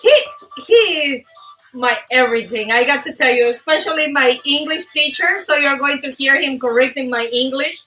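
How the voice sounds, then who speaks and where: Bright high-voiced animated woman host. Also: moderate pace, recorded from a distance, faint music behind, poor audio. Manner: animated, emphatic, laughs often. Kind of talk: live motivational talk show.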